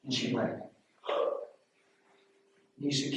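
A man preaching and telling his own testimony, emotional and storytelling, swinging between loud and hushed. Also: fairly high pitch, a little fast. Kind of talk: sermon. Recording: echoey hall from far off with faint noise.

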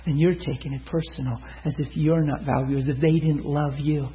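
Storytelling preacher man, muffled sound. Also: brisk. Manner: animated, acts out quotes with sudden loud high bursts. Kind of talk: sermon storytelling.

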